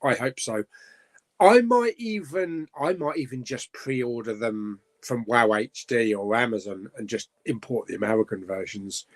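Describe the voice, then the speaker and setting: A man's voice: medium pitch, lively intonation, measured pace. A middle-aged man hosting a casual live stream, chatting about films and reading out viewer comments, rambling with fillers and chuckling often.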